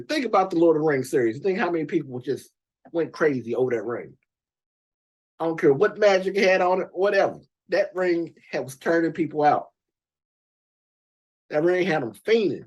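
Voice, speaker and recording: A man hosting a reaction channel, ranting casually about movie characters in a profane, emphatic, animated way. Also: on the high side, husky.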